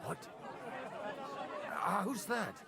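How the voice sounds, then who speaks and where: A man's voice: sits high, big pitch swings, very slow, gravelly, a loud crowd, heavily acted. A man playing a dry, wry middle-aged village priest in a game. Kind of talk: game dialogue.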